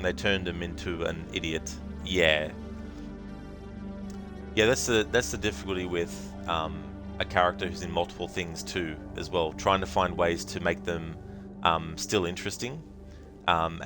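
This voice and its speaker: Australian man streaming, rambling chat with viewers, deep voice, quiet music behind. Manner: rambling, full of fillers.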